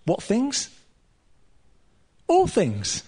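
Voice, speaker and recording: A man preaching a sermon to a room of listeners, earnest and emphatic, with casual asides and pauses. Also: high voice, huge pitch swings, darkish tone, breathy edge. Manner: casual asides with light laughter. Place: room with a live audience.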